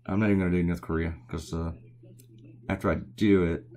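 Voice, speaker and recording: A man's voice: low-pitched, steady tone, fairly quick, a little mellow. A man with a Southern accent, a cartoonist chatting in a rambling, casual way while drawing and answering viewer comments at home. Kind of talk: casual live drawing chat. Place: home at night, quiet to not wake others.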